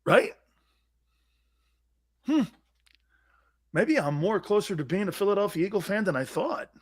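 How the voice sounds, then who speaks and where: A male sports talk show host ranting loudly and mockingly, acting out angry fans in bits. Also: high voice, sing-song, unhurried, slightly rough. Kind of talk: animated sports talk rant.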